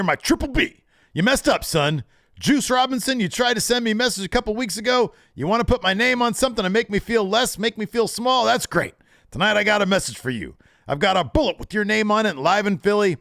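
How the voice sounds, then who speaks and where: A man mimicking a cocky male wrestler, taunting his rivals in a loud, high, sneering voice. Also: expressive, fairly quick, no room sound, clean studio sound.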